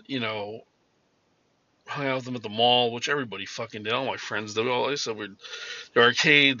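Sharp-toned man in his fifties, rambling. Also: medium pitch, no echo, highs cut off. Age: 50s. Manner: rambling and profane, many restarts. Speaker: podcast host. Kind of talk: casual personal storytelling. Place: in a car.

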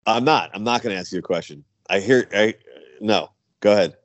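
A man's voice: lowish voice, a little fast, no room sound. A man, a wrestler guest, telling stories in casual chat, acting out quotes and laughing often. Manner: animated storyteller, acts out quotes, laughs often.

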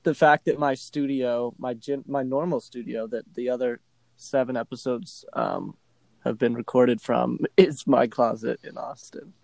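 A man's voice: mid-range voice, big pitch swings, measured pace, creaky, a little mellow, dry recording. A man in his twenties from the New Orleans area co-hosting a podcast from a closet, rambling and self-deprecating. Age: 20s. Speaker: podcast co-host. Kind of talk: casual podcast banter. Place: small closet in a house.

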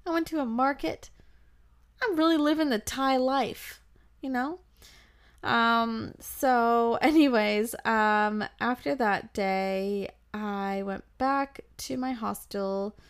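A young woman hosting a podcast, telling a travel story in a chatty, animated way, full of fillers and acted-out quotes. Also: fairly high pitch, slow pace, smooth. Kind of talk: casual storytelling.

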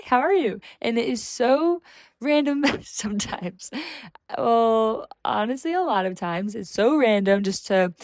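A woman's voice: mid-range voice, a little mellow, no room sound, studio quality. A young woman hosting a casual faith podcast, chatty and upbeat with many fillers, acting out her own small talk with strangers. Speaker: podcast host. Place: small room, filmed live.

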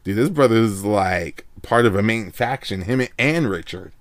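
A man with a lowish voice tells a personal story in a loose, rambling way, leaning on filler words as he goes. The sound is dry and close, with no room echo. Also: expressive, measured pace. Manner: rambling, laid-back, heavy on filler words. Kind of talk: casual storytelling.

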